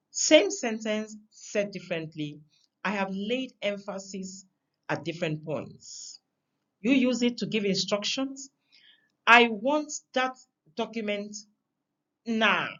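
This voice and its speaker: On a muffled recording, a woman teaches a lesson about communication. Her delivery is emphatic, punching words through abrupt jumps in pitch and loudness.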